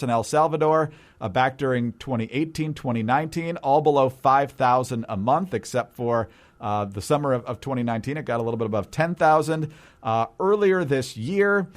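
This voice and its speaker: A man co-hosting a political talk show, reading out figures in a relaxed way with frequent filler sounds. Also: mid-range voice. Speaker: podcast co-host. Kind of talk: casual political commentary.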